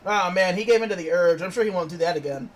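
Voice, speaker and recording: A man streaming a video game, chatting and joking playfully with friends. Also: fast talker. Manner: playful, laughs often, animated pitch. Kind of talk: casual joking chat.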